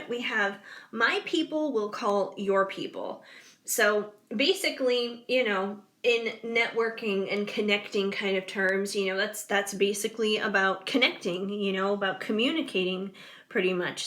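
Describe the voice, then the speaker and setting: A woman's voice: medium pitch, a bit bright. A woman reading tarot cards for viewers in a chatty, rambling way, with lots of fillers, yawning now and then. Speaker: tarot reader.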